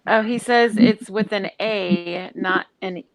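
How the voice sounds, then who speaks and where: A woman's voice: mid-range voice, takes it slowly, dry recording, rough recording. A woman co-hosting a casual live stream who giggles often.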